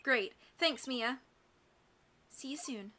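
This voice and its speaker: Earnest young guy lawyer as a woman reads him, pleading, high, bright. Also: takes it slowly, a little hiss or hum, exaggerated voice.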